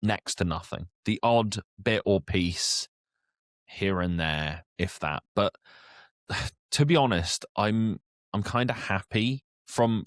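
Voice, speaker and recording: A man's voice: deep voice, dry recording, clean studio sound. A man co-hosting a casual podcast, talking in an opinionated, conversational way. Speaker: podcast co-host.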